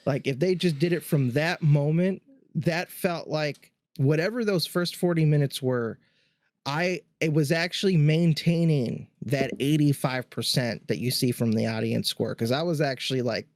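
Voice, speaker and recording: A man with a fairly high voice, recorded dry and close, chats about a movie as a podcast co-host. He rambles, trails off, and circles back to his point. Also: normal speed, no room sound. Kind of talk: casual movie review chat.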